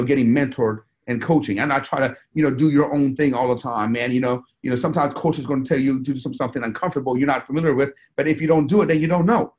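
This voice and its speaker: Fast-talking man telling stories. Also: mid-range voice. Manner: rambling and profane, with many fillers and restarts. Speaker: interview guest, business owner and bodybuilder. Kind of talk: casual storytelling interview.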